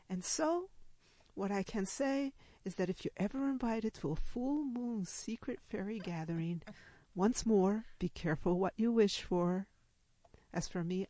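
A woman's voice: mid-range voice, unhurried, no echo. An older woman telling a personal story, laughing often and acting out what others said. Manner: animated, laughs while telling, acts out others' lines.

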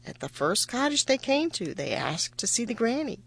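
A woman reads a children's fairy tale aloud with a lively, expressive delivery. Her pitch rides up and down through the sentences. The recording is dry and close, with no room echo. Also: moderate pace, vocal fry, husky. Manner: expressive, animated reading. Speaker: storyteller. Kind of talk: reading a children's story aloud.

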